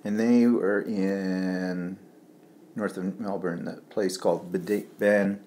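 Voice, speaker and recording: A man's voice: sits low, steady tone, takes it slowly, dark tone, slight background noise. A middle-aged man co-hosting a casual live stream, rambling as he reads viewer comments and trips over place names. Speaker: livestream co-host.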